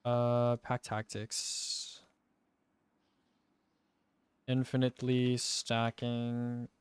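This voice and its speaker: A man's voice: medium pitch, monotone, extremely slow, clear, resonant tone, no room sound. A young man streaming, casually talking through game testing, thinking aloud, muttering through sums and swearing now and then. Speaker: gaming streamer.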